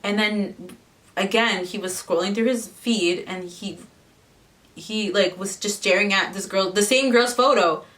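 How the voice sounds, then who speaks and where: A young woman in her twenties talks casually to her camera, swearing freely and putting on the voices of the people in her story. Her voice sits at a middling pitch and sounds a little distant from the mic. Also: a little slow, fairly bright tone. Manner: chatty, swearing, mimics others in quotes. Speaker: vlogger.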